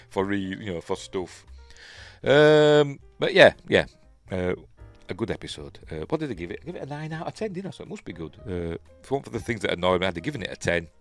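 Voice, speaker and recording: A man with a Yorkshire accent and a very low voice hosts a loose, chatty review on his own. He rambles, chuckles to himself and lets sentences fade into mumbles. Faint music plays softly under his voice. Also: very animated, brisk. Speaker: show host and reviewer. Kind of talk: casual solo review.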